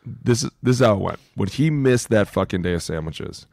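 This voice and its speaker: A man's voice: fairly low pitch, animated, fairly quick, vocal fry, darkish tone, dry recording. A man co-hosting a football podcast, a former lineman telling profane, emphatic locker-room stories in casual chat.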